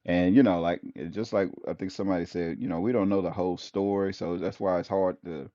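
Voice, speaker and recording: A man's voice: sits low, steady tone, a little fast, warm tone, no echo, lo-fi sound. A man as host giving casual, rambling relationship advice, with "you know" in nearly every thought.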